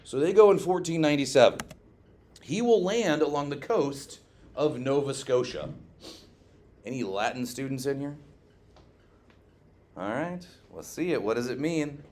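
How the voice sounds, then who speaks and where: Male classroom teacher, mid-pitched, joking and animated, keeps quizzing students. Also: unhurried, pauses often. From Scotland. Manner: lively, joking, asks the class questions and adds "okay?" often. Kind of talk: classroom lecture.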